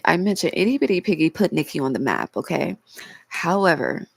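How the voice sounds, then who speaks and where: A woman reads tarot in a casual, heartfelt way, talking straight to her viewers and swearing freely. She is holding back tears, so her voice cracks now and then. Her voice sits very low and has a heavy gravelly fry. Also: dry recording, low-quality recording. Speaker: tarot reader. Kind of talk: casual tarot reading vlog.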